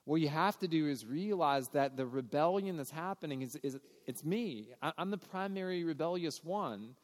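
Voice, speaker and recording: A man's voice: a little high, expressive, normal speed, in a large hall. A man preaching a sermon in a conversational, earnest way, often acting out quoted voices. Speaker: pastor.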